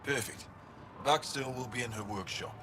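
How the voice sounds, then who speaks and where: A man's voice: medium pitch, normal speed, noisy background, close to an everyday voice. An actor playing a male alien resistance fighter in a video game, speaking formally with an exaggerated Australian accent. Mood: earnest. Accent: Australian, over the top.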